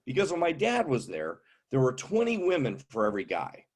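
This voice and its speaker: Stand-up comic, man, 50s: husky, wry, deadpan. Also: medium pitch, fairly quick. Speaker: stand-up comedian. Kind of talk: stand-up comedy.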